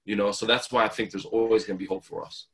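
A man's voice: fairly low pitch, fairly even intonation, fast talker, fairly bright tone. A man in his thirties from New Jersey, a guest speaker telling heartfelt, earnest stories about family. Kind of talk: emotional storytelling.

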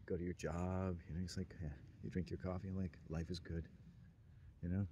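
A man's voice: low-pitched, fairly even intonation, quick pace, dark tone, muffled recording, a little hiss or hum. A man talking in a rambling, sardonic monologue, often laughing at his own jokes. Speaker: monologue speaker.

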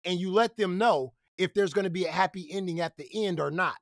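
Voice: medium pitch, brisk, no echo, studio quality. A stream reactor giving crude, laughing commentary on a clip.

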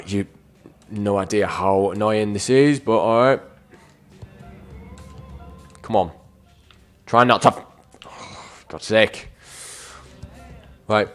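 A man giving chatty let's-play game commentary, addressing viewers as lads and breaking into frustrated shouts at the game. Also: on the low side, slow pace, long pauses, faint music behind. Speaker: gaming YouTuber.

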